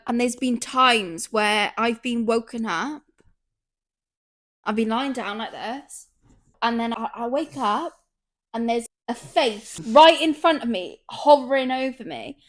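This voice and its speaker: A woman hosting a podcast, chatting casually and acting out her stories loudly. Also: a little high, takes it slowly. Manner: animated storyteller, swears, acts out quotes loudly. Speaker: podcast host. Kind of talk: casual chat.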